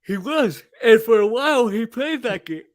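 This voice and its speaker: A man's voice: very high voice, normal speed, no room sound. Guy telling a story on a podcast, swoops up and down a lot, dry close sound, swears a bunch. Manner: animated, profane, acts out voices. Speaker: podcast co-host. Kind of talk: casual storytelling chat.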